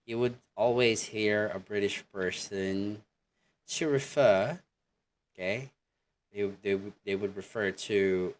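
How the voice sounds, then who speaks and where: A man teaching an online English lesson in a relaxed way, with many fillers and demonstrations of how words are pronounced. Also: fairly low pitch, slight background noise.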